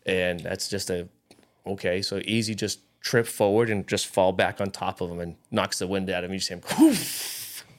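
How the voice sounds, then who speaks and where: A man's voice: deep voice, level tone, brisk. A man around forty in casual podcast chat, telling a story animatedly and acting out what others said.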